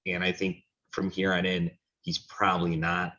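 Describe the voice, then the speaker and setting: A man's voice: low voice, monotone, moderate pace, sharp tone, muffled recording. A man co-hosting a soccer talk show, giving frank, opinionated takes in a rambling casual way. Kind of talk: casual sports chat.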